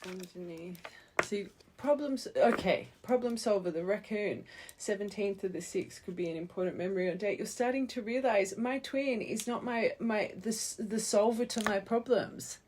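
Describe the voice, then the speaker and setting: A woman's voice: mid-range voice, normal speed, darkish tone, a little hiss or hum. A woman giving a spiritual tarot reading to her viewers, earnest and encouraging, thinking aloud as she goes. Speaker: tarot reader.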